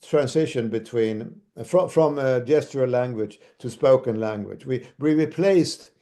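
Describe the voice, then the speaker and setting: A man giving an academic lecture as a university lecturer, speaking haltingly with many restarts. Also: medium pitch, mellow.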